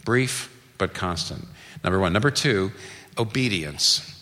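Speaking a little slowly, a pastor with a low, animated voice sounds pushed and bright. His sermon is earnest and emphatic, often restarting phrases as a point builds, recorded in a large hall with long reverb.

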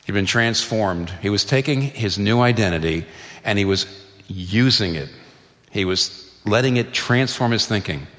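A man's voice: fairly low pitch, expressive, moderate pace, a bit bright, long reverb tail. A male pastor preaching a sermon in a conversational, storytelling way, stressing points through repetition.

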